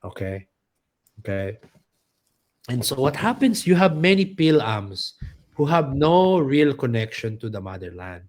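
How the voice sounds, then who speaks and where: A man who teaches martial arts, joking and animated in a casual podcast chat, often adding a tag question. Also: mid-range voice, measured pace, long pauses. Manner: animated and joking, frequent "okay?" tags. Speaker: guest martial arts instructor.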